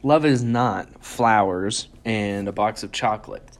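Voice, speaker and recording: A man giving a casual, earnest Bible devotional, chatting and reading verses slowly with emphasis. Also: lowish voice. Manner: conversational, chuckles and restarts. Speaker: devotional speaker.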